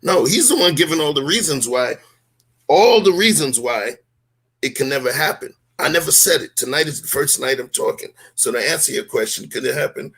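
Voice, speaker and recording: Gravelly man arguing his side emphatically. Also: on the high side, animated, fairly quick, a bit bright. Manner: emphatic, rhetorical, street slang. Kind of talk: heated live-stream discussion.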